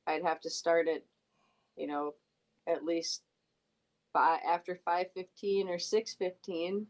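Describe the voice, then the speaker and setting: A woman's voice: lowish voice, level tone, slow. A woman, a tabletop game player, talking through her work schedule in casual chat with hesitant restarts.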